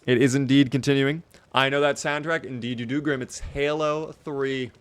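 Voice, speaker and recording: A man's voice: mid-range voice, fairly even intonation, moderate pace, clean tone. A man streaming a video game live, chatting casually and answering viewer messages as he plays.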